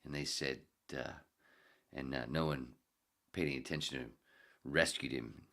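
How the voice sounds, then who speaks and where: A man's voice: extremely low pitch, normal speed, a bit bright. A man hosting a podcast, rambling through a joke, swearing freely and chuckling at himself. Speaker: podcast host. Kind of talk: casual rambling podcast monologue.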